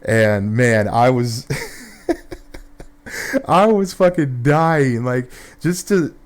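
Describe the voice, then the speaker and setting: A man's voice: medium pitch, expressive, very slow. A young man telling a rambling, profane story in casual gameplay commentary, full of fillers and restarts.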